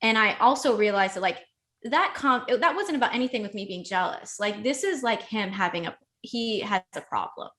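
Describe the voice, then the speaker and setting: A young adult woman, a podcast guest, telling a personal story in casual conversation, animated and emotional with frequent restarts. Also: mid-range voice, moderate pace.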